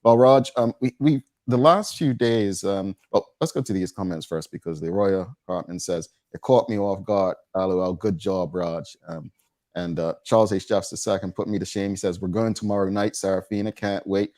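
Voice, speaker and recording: Brief: deep-voiced man hosting a studio talk show, animated and stammering, dry close sound. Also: normal speed, no room sound. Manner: animated, stammering restarts, jumps high in pitch when excited. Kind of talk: casual studio banter.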